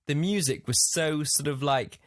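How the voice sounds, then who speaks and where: A man's voice: fairly high pitch, moderate pace, no echo, clean studio sound. A man co-hosting a podcast, chatting casually about a movie in a laid-back, hesitant way. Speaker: podcast co-host. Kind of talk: casual movie review chat.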